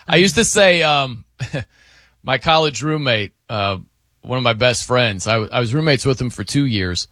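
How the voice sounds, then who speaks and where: A man's voice: medium pitch, lively intonation, unhurried, pushed and bright, dry recording, clean studio sound. A man hosting a radio show, chatting casually with a co-host, laughing and mimicking how people pronounce words. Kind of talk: casual on-air banter.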